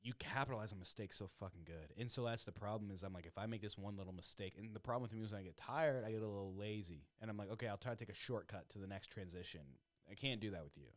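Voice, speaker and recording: A young man hosts a podcast in a loose, animated chat and swears freely as he goes. His voice sits low, and he talks fast, the words tumbling out quickly. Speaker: podcast host. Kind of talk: casual chat.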